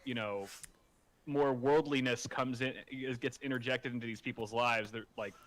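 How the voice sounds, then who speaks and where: Laid-back man with a bright voice. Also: mid-range voice, steady tone, normal speed. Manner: laid-back, joking, loose with swearing. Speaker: tech show co-host. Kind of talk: casual livestream chat.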